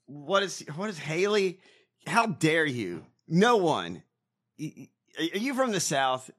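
A man's voice: fairly high pitch, sing-song, fairly bright tone. Crude mocking male podcast co-host. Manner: crude, mocking, rapid rants. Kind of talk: profane political banter.

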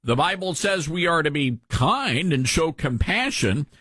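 A man's voice: fairly high pitch, big pitch swings, measured pace, pushed and bright, dry recording. A man hosting an opinion commentary show, indignant and preacherly, quoting scripture.

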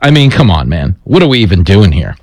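A man's voice: low voice, very animated, brisk. A man hosting a talk radio show, sarcastic and mocking as he comments and takes calls. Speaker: radio host.

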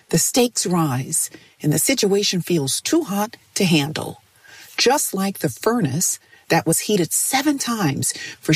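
A woman reading a scripted devotional in a slow, soothing, measured way. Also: medium pitch, breathy edge, far from the mic. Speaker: devotional segment narrator.

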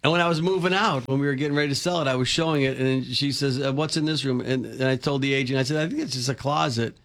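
A man's voice: medium pitch, steady tone, fast talker, a bit bright. A middle-aged man from the Chicago area, co-hosting a casual chat and telling rambling, self-deprecating anecdotes. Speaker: co-host.

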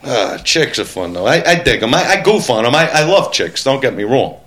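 A man doing a crude, brash stand-up routine with an excitable, punchy delivery. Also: medium pitch, brisk. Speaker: stand-up comedian.

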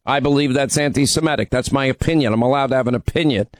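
A man's voice: mid-range voice, fast, dry recording. Combative male talk radio host. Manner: combative, needling.

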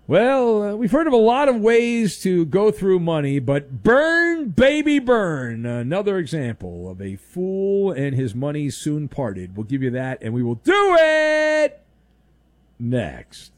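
A man's voice: a little high, big pitch swings, slow, dry recording. A man hosting a sports talk radio show, ranting sarcastically and mocking with exaggerated silly voices. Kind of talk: opinionated sports talk monologue.

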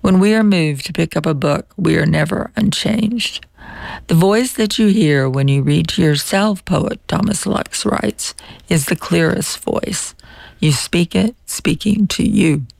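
An older woman hosting a radio book show, reading a scripted farewell monologue in a measured, reflective way. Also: on the low side, creaky, darkish tone, dry recording.

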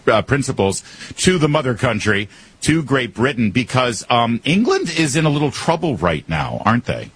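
A man hosting a talk radio show, brisk and lively, his pitch climbing when he gets worked up. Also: breathy edge, dry recording, low-quality recording. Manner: brisk, rising pitch when excited, laughs easily.

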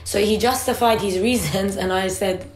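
A woman's voice: mid-range voice, moderate pace, a little mellow. A woman co-hosting a casual parenting chat, telling a family story and acting out quotes along the way. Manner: storytelling, acts out her child and sister in quotes. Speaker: podcast co-host. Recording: echoey room, faint background noise.

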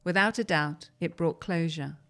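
A woman with a low voice presents and reads newspaper articles aloud. Her narration is measured and clear, and she briefly voices the people quoted in the story. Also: a bit bright.

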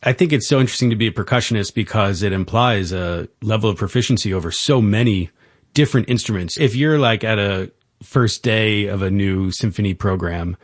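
Male interviewer, low voice, upbeat and encouraging, dry studio sound. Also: fairly quick, no room sound. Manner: enthusiastic, encouraging. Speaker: interview host. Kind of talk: interview hosting.

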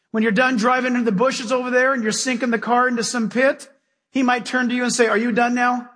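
Male pastor, high and husky, folksy and emphatic, preaching in a church with long hall reverb. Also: pushed and bright. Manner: emphatic, folksy preaching with direct questions to the congregation. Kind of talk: sermon. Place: church sanctuary with a live congregation.

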